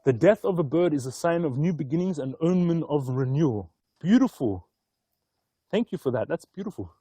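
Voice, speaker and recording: A man chatting casually on a live stream from an outdoor hilltop, easygoing and often excited. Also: a little high, normal speed, breathy edge, no room sound. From Australia. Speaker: stock market vlogger.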